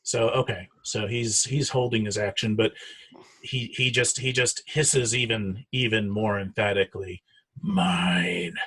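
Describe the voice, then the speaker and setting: A man running a tabletop game as dungeon master, easygoing and halting, laughing often. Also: on the low side, fairly even intonation, fairly bright tone, breathy edge.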